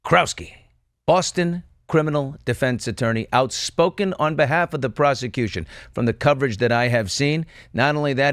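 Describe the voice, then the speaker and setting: Lively, opinionated talk show host man. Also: medium pitch, dry recording, studio quality. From New York. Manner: animated, pointed, rhetorical questions.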